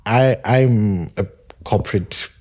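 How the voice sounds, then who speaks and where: A man's voice: fairly low pitch, takes it slowly, darkish tone. A man hosting a podcast, chatting in an easygoing way and laughing a lot. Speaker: podcast host. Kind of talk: casual interview chat.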